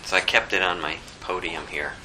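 A man's voice: low-pitched, normal speed, sharp tone, a little hiss or hum, poor audio. A man preaching a sermon, reading scripture and asking the congregation rhetorical questions in a conversational way. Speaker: pastor.

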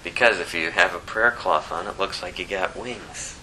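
Animated, bright-voiced male preacher. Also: low-pitched, normal speed, a little hiss or hum, poor audio. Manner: animated, chatty, laughs often. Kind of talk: sermon storytelling.

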